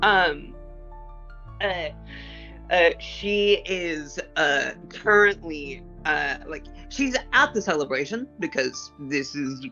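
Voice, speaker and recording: Hesitant player, low voice, slightly dull audio. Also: female voice, expressive, takes it slowly, bright, forceful tone, soft background music. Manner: hesitant, many fillers. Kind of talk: describing a character.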